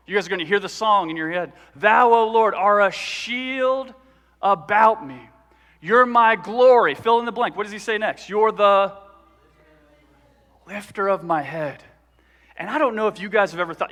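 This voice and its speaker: Preacher, male, high and bright voice, chatty delivery that quizzes the congregation. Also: long reverb tail. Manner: conversational, asks the congregation questions. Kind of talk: sermon. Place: church sanctuary.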